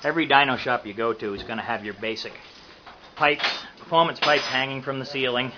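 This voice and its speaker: A man hosting a video, giving a relaxed, casual tour of a dyno shop, with plenty of ums and uhs. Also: medium pitch, brisk, noisy background. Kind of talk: casual walkthrough narration. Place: indoor dyno shop, crowd of people around. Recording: lo-fi camera audio with crowd chatter.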